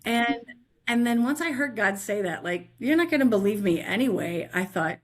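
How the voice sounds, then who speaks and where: Her voice sits on the high side at a normal pace as this middle-aged guest recounts a faith-filled story from her life. Chatty and animated, she keeps checking in with "right?".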